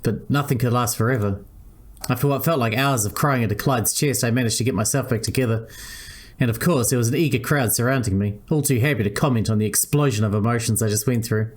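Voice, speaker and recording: Man, mid-pitched voice, visual novel read-through, narration and character voices, faint background game music. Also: fast. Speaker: let's-play host. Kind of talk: reading a visual novel aloud.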